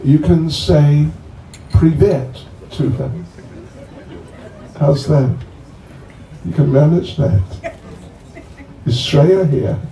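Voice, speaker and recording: Slow, gravelly-voiced man, joking. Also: fairly high pitch, warm tone. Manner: joking, chatty, slow and rambling. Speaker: swami introducing a guest. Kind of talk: informal talk to devotees. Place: bonfire gathering. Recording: echoey, distant, faint ambient noise.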